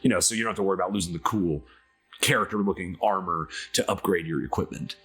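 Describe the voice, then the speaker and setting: A man's voice: low-pitched, fast, slightly rough, faint music behind. A man narrating a tabletop game as game master, casual and full of fillers. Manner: casual, filler-heavy, lively storytelling.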